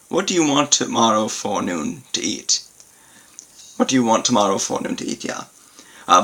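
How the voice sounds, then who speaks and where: A man teaching a language lesson on video, halting with many fillers and repeating example sentences slowly. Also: medium pitch, lively intonation, pushed and bright, a little hiss or hum, poor audio. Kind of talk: informal recorded lesson.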